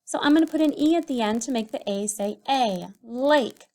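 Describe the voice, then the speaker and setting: A woman teacher giving a recorded writing lesson to young children, speaking slowly and sounding out syllables and letters. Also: fairly high pitch, lively intonation, darkish tone. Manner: slow, sing-song, sounds out syllables and letters.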